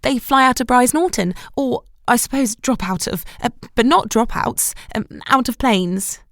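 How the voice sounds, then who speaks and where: A woman's voice: medium pitch, wildly swooping pitch, a little slow, creaky, darkish tone, no room sound, studio quality, heavily acted. A woman narrator voicing a flustered young woman who babbles and stumbles over her words.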